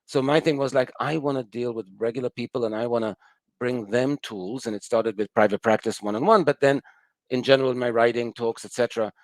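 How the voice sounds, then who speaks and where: A man's voice: medium pitch, no room sound. Man, psychologist guest, mixed British-American accent, wry, explanatory, dry close sound. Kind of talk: conversational interview.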